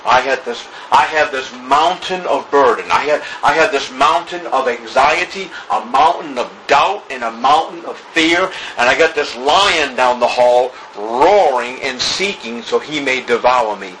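Male preacher, bright forceful tone, emphatic repetitions, church sermon delivery. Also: medium pitch, slight background noise, poor audio. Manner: emphatic preaching with repeated phrases and drawn-out words. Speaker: pastor. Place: church during a service.

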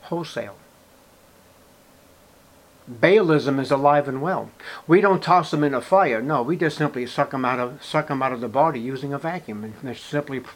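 A man preaching a sermon with dramatic storytelling, loud emphatic bursts and sarcastic rhetorical questions. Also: medium pitch. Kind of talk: expository sermon.

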